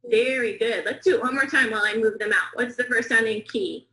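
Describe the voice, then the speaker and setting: Lady teacher coaching little kids through sounds, slow and clear, kinda high voice, echoey classroom clip. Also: fairly even intonation, pushed and bright. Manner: slow, clear, encouraging instruction with call-and-response counting. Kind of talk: demonstration phonics lesson with young students.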